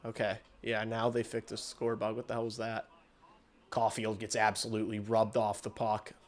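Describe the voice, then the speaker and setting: Excitable man calling hockey live. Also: lowish voice, moderate pace. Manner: excitable, shouts on big plays, swears casually. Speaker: streamer giving play-by-play. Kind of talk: live watch-along hockey commentary.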